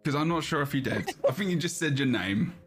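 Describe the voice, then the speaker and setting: A man's voice: on the high side, expressive, a little fast, fairly bright tone, soft background music. A man hosting a gaming podcast in casual banter, teasing his guests, laughing often and trailing off with ums. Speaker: podcast host.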